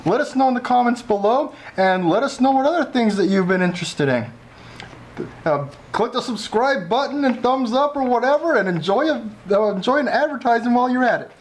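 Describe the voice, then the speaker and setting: Guy with a pretty high voice rambling on about a taco, chatty, keeps restarting. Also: expressive, a little fast. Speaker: food reviewer co-host. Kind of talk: casual food review.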